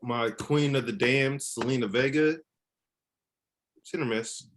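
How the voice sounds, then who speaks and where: A man's voice: medium pitch, unhurried. A man co-hosting a casual wrestling podcast who jokes around and swears, then laughs at himself. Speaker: podcast co-host.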